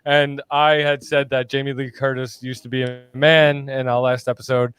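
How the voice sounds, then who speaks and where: Smooth-voiced laughing male co-host. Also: medium pitch, level tone, moderate pace, a bit bright. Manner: laughing, storytelling. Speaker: podcast co-host. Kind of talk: casual chat.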